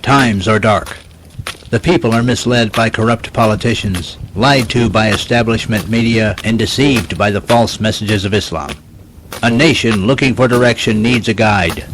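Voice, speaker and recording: A man's voice: on the low side, normal speed, a bit bright, slight background noise. A man reading a dramatic, ominous promo for his own radio show. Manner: ominous, declamatory. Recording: promo over music.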